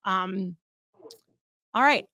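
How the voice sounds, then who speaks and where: A woman hosting a wrestling podcast in a casual, chatty monologue, animated and swearing freely. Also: mid-range voice, very slow, dry recording, clean studio sound.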